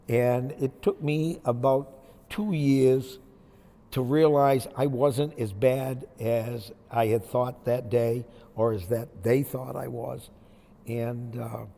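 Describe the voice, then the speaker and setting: A man's voice: mid-range voice, dark tone, big-room sound. An older man with a Maine accent, a retired basketball coach telling rambling stories in an interview and acting out the dialogue. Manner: rambling storyteller, acts out quoted dialogue. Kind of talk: storytelling interview.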